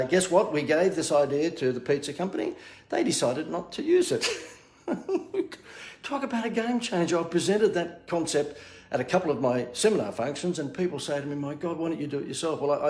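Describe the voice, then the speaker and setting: Outdoors near a harbour, a man does a casual live talk on his phone, joking about himself as a marketing coach in jokey, self-mocking salesman banter. His voice is on the high side, a little mellow and quick, picked up by the phone camera with a reverberant sound.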